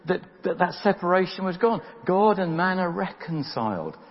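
Preacher in a long echoing church. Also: male voice, high voice, sing-song, moderate pace. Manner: earnest, plain-spoken, repeats words when emphatic. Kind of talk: sermon. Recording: dull lo-fi audio with long church reverb.

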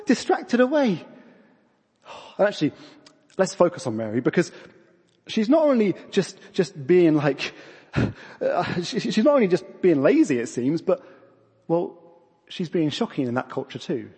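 A man's voice: sits high, sing-song, unhurried, a little mellow, husky. A man, preaching a sermon in a conversational, self-deprecating way. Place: church. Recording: long reverb of a church hall.

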